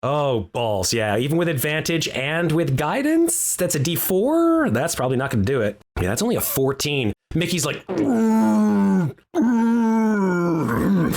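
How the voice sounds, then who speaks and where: A man narrating as dungeon master in a tabletop game, animated and quick to laugh. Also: on the high side.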